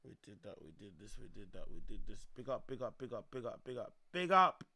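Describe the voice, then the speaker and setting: A young man, his voice worn hoarse, chatting loosely to his livestream audience, repeating himself and swearing as he goes. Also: lowish voice, very animated, fairly quick, background noise. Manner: loose, repetitive, swearing, talks to chat. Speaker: livestream host. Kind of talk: casual livestream chat.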